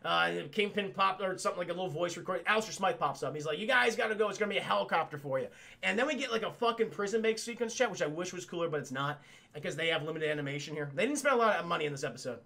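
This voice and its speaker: A man's voice: high voice, expressive, very fast, vocal fry, bright, forceful tone. A man giving a profane, rambling casual recap of a cartoon episode on a live stream, talking to his chat.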